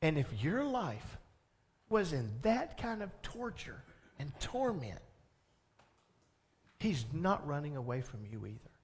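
A pastor preaching a sermon, telling the story with animated energy, asking the congregation questions and laughing along. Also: male voice, a little high, takes it slowly, pauses often.

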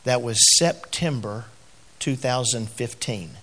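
A middle-aged man preaches from the pulpit in a mid-pitched voice. He moves from quiet, halting storytelling to louder, rising exhortation. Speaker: pastor. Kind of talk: sermon.

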